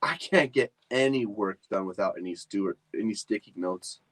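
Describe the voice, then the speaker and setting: A man's voice: on the low side, animated, moderate pace, fairly bright tone, voice pushed down, poor audio. A man voicing an upbeat father who talks earnestly and eagerly about office work. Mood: plain.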